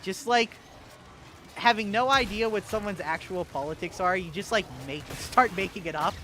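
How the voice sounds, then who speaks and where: A man's voice: high-pitched, bright, forceful tone, slight background noise. A young man streaming a game, chatting casually with his chat, joking and swearing and laughing at his own bits. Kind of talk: casual gaming livestream chat.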